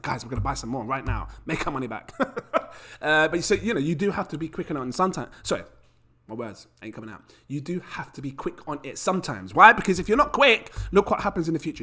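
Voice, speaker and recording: A man giving a casual, animated to-camera talk about crypto, full of rhetorical questions. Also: on the high side, quick pace. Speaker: crypto YouTuber.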